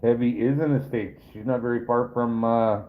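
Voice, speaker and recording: A man's voice: mid-range voice, steady tone, moderate pace. A man hosting a casual live stream as a trapper, chatting with viewers in a rambling, folksy, joking way. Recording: tinny phone-like sound.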